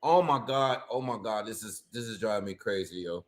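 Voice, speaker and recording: A man's voice: fairly low pitch, brisk. A man doing live reaction commentary on a boxing fight, exasperated and ranting, with frequent exclamations.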